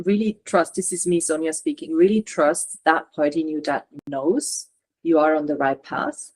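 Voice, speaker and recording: A woman channeler and coach guiding a spiritual session over a video call, talking in halting, searching phrases. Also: sits low, darkish tone. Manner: halting, searching, relays messages.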